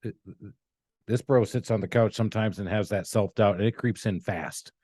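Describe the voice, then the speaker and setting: A man's voice: lowish voice, moderate pace, a little mellow, dry recording, clean studio sound. A middle-aged man hosting a casual podcast, a blunt business owner who swears freely and tells stories with energy.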